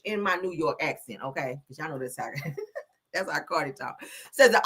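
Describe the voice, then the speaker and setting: A woman's voice: low voice, moderate pace, slightly rough. A woman hosting a casual gossip commentary, reading posts aloud with sassy asides. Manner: sassy, animated, drops asides like "child" and "girl". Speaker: commentary channel host. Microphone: streaming desk mic.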